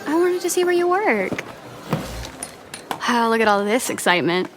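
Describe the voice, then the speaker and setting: Woman playing a young girl, high voice, timid, stammering, audio drama, faint hiss. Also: sing-song, moderate pace. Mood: excited. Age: young adult. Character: naive eighteen-year-old girl on a date.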